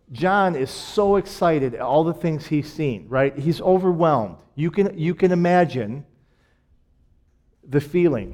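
Conversational preacher man, slightly high voice. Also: warm tone. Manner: conversational, self-deprecating, emphatic repetition. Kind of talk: sermon.

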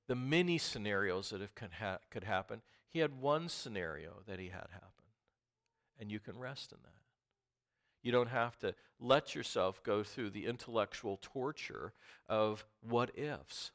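Animated bright-voiced male preacher. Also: mid-range voice, creaky. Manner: animated, swings from hushed asides to loud emphatic bursts. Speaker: preacher and ER doctor. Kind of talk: sermon.

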